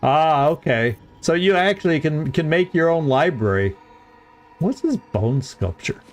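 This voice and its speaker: A man's voice: fairly high pitch, expressive, a little slow. A middle-aged man giving chatty, rambling commentary while playing a game, chuckling often. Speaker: let's play host. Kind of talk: casual gameplay commentary.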